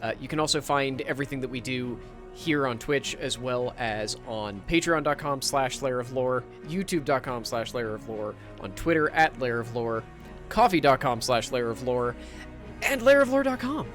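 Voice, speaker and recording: A man's voice: mid-range voice, moderate pace, a bit bright, soft background music. A man hosting a casual gameplay livestream, chatting in a rambling way and swearing now and then.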